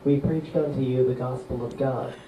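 A man's voice: mid-range voice, steady tone, normal speed. An older man reading a scripture passage steadily during a sermon. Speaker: pastor. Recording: distant, muffled, roomy recording with faint ambient noise.

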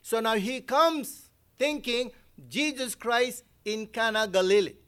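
Male preacher, very high voice, animated and emphatic sermon delivery. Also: slow pace, smooth. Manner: animated, acts out quotes, emphatic.

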